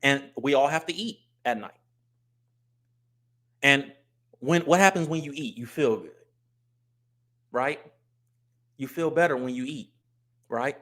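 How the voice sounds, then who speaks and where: A man voicing a rambling, evasive woman politician who circles around in slow empty truisms. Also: mid-range voice, fairly bright tone, natural voice. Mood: patronizing.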